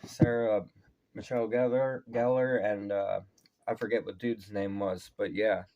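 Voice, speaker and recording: A man's voice: on the low side, steady tone, measured pace, dull audio. Laid-back, swearing man reacting to music. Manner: laid-back, swears a lot, laughs often. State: tired voice from talking at work. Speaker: reaction video host. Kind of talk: casual reaction commentary.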